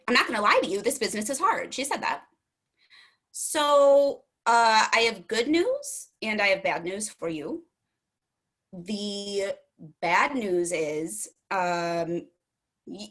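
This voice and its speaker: A woman's voice: medium pitch, fairly bright tone. A woman presenting on a video webinar, talking in a bubbly, rambling way with many fillers. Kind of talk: casual webinar talk.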